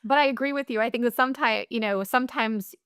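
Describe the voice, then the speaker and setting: Higher-voiced woman podcast host in her forties. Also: a bit bright, clear, resonant tone, no echo, clean studio sound. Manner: agreeable, quick to affirm and relate. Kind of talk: casual interview chat.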